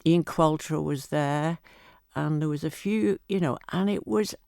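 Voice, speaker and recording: A woman's voice: low-pitched, a little slow, gravelly, darkish tone, no echo, clean studio sound. An older woman with a Manx accent, a guest telling self-mocking anecdotes in a casual interview. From Isle of Man. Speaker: guest entertainer.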